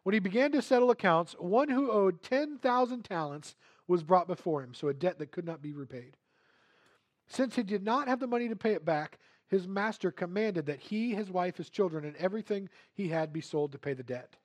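A male preacher with a notably high-pitched voice delivers a sermon. He moves between soft, hushed storytelling and bursts of emphatic, louder preaching. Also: expressive, a little fast.

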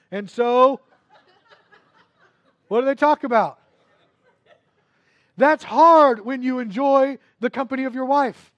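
High-voiced man preaching earnestly. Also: dry recording. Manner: earnest, repeats phrases, swings between hushed and loud emphasis. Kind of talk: sermon. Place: church before a congregation.

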